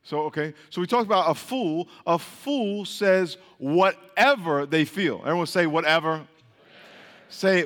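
A man preaching a sermon, leading the congregation in call-and-response with quick, repeated prompts. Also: sits high, a bit bright. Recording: long reverb of a hall.

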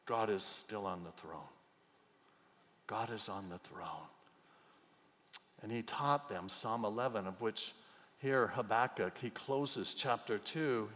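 A middle-aged man preaching a sermon as a pastor, emotional, moving between soft, hushed passages and loud, emphatic outbursts. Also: medium pitch. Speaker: pastor and chaplain. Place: church hall. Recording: long hall reverb.

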